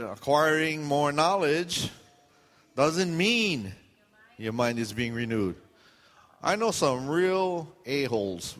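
A man's voice: medium pitch, fairly bright tone, long reverb tail. A man preaching a sermon as pastor, casual and joking, acting out what his listeners are thinking. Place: church sanctuary.

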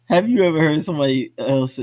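A man's voice: a little high, animated, quick pace, a little mellow, no echo. Laid-back young man from South Florida. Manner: laid-back, explains street slang, says "you know what I'm saying" often. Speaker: movie podcast co-host. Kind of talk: casual movie discussion.

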